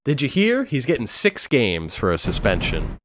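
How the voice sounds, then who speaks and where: A man's voice: medium pitch, huge pitch swings, normal speed, noisy background. A man hosting a podcast in casual chat, rambling and swearing, with many fillers. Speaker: podcast host.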